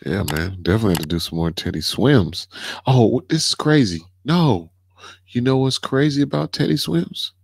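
A man's voice: mid-range voice, lively intonation, moderate pace, vocal fry, slightly rough, no echo. A man hosting a music reaction video, talking casually in slang, emphatic and often repeating himself.

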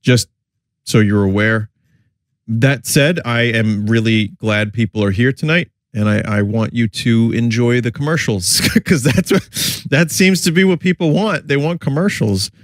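A man's voice: medium pitch, measured pace, no echo, studio quality. A man who is a little sick, giving wry, joking live commentary on commercials as a streamer. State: sick, voice affected.

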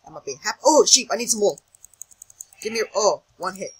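A man's voice: high-pitched, animated, a little fast, slightly rough, low-quality recording. A young man giving casual commentary over a video game, jittery and self-mocking, often chanting words over and over in a sing-song. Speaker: gaming channel host.

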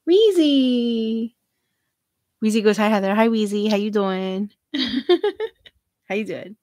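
A woman's voice: medium pitch, takes it slowly, a little mellow, no echo, studio quality. A middle-aged woman hosting a free tarot reading livestream, chatting casually, giggling often and reading viewer comments aloud.

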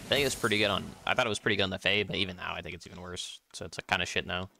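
A man's voice: sits low, racing, vocal fry, a little hiss or hum. A young man streaming his gameplay, chatting casually with viewers, joking and swearing as he plays. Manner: profane, joking, excitable.

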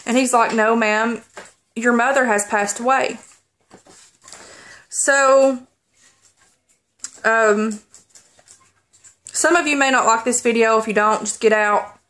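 A woman vlogger holding back tears as she tells a personal story, halting and rambling with many pauses and restarts. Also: on the high side, a bit bright.

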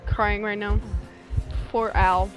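Her pitch is medium and her pace is slow, and the audio comes across dull. The young woman is livestreaming a game, chatting and joking animatedly with her audience over faint game music.

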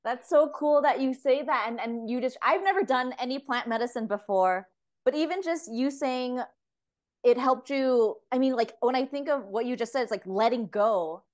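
A woman's voice: high voice, moderate pace. A woman hosting a podcast, responding in casual chat, reflective and thinking aloud. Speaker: podcast host.

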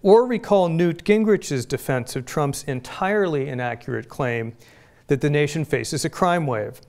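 A middle-aged man from Phoenix giving a prepared public lecture, measured and deliberate, with pointed emphasis. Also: on the high side, vocal fry, a little mellow. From Phoenix, Arizona, US. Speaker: guest lecturer. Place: lecture hall.

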